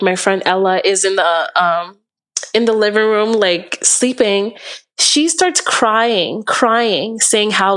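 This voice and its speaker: A woman's voice: mid-range voice, a bit bright. A young woman from Canada, a podcast guest, telling a long story in a rambling, casual way, full of "like" and acted-out quotes. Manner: rambling, heavy use of "like", acts out quotes.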